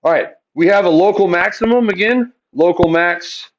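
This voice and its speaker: A man's voice: high voice, normal speed, highs cut off. A male math teacher lecturing a classroom, asking the students questions and answering them himself.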